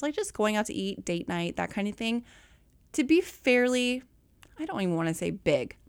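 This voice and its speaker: Woman, animated budget coach, middle pitch, dry close recording. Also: smooth, no echo. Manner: animated, chatty, addresses listeners as y'all. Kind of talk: casual talk.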